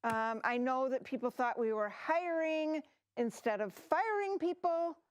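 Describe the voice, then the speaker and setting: A woman's voice: high-pitched, lively intonation, measured pace, no room sound. An improv performer in a TV studio playing a hesitant female office manager who fills her talk with ums. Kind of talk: improv comedy scene.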